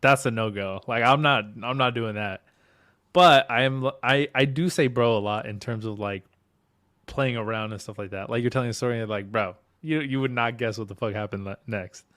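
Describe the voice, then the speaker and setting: A man's voice: mid-range voice, brisk, a bit bright. A man co-hosting a podcast in casual chat, rambling, laughing often and swearing. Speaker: podcast co-host.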